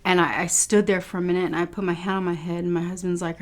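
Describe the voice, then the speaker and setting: A woman's voice: fairly low pitch, level tone, quick pace. A young woman vlogger telling a personal story to her viewers in a casual, chatty way, swearing now and then and laughing. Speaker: food vlogger.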